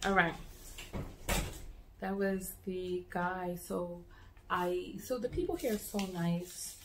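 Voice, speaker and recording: A woman's voice: on the low side, slow pace, echoey room, background noise. Chatty American woman vlogger. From United States. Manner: animated storyteller with many restarts and repeated words. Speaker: travel vlogger. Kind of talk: casual vlog chat to camera.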